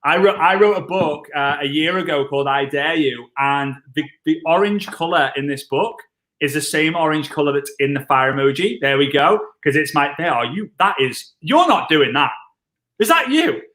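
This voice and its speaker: A man, an energetic and jokey network marketing trainer chatting on a live stream. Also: a little high, normal speed. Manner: excitable, jokey, wordplay.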